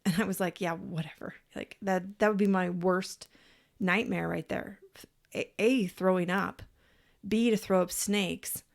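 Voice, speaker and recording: A woman co-hosting a podcast, telling a personal story in a casual, animated way, acting out what people said and swearing freely. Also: medium pitch, a little slow, gravelly. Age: parent, adult. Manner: animated, acts out quoted voices. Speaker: podcast co-host.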